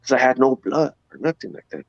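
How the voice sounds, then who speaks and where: A man, an interview guest, giving a personal testimony in an animated, slangy storytelling way, acting out sounds as he goes. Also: medium pitch, quick pace, gravelly, dry recording. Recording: dull lo-fi dry sound.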